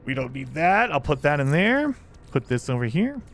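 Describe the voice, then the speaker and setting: A man's voice: a little high, very animated, normal speed, fairly bright tone. A man streaming a game live, chatting with his viewers and laughing often as he plays. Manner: chatty, laughs often, talks to chat while playing. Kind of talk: casual live-stream chat.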